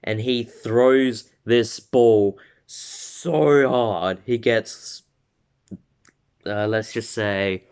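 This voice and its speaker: Man, fairly low voice, casual storytelling, rambling, stumbling, laughing. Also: drawn-out words, a little mellow, clear, resonant tone. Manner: rambling with fillers and laughs, acts out quotes. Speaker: fan fiction storyteller. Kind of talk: casual spoken story retelling.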